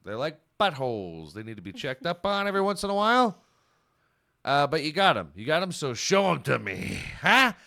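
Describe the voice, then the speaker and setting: A man's voice: fairly high pitch, very animated, fairly quick, creaky. Rowdy jokey male podcast host. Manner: rowdy, jokey, shifts between shouting and mumbling. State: out of breath. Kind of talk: comedic solo podcast banter.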